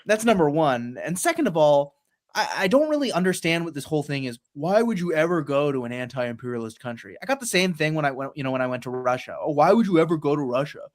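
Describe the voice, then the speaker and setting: A man's voice: a little high, animated, fast talker. A man in a casual group discussion who talks in loose, run-on sentences.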